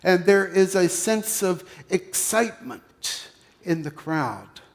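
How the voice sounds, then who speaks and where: A pastor with a Pennsylvania accent preaches a sermon, walking his listeners slowly through a story as his voice swells loud and then drops to a hush. His voice sits high and sounds animated.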